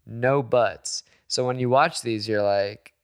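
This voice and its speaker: A man's voice: medium pitch, slow, clean tone. A man hosting a casual podcast chat, joking crudely with his guest. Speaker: podcast host.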